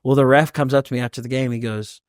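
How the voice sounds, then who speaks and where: A man, a pastor who hosts a podcast, interviewing a guest and telling stories with lively acted-out shouting. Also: medium pitch, quick pace, clear, resonant tone, no room sound, clean studio sound. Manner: animated storyteller, acts out shouting.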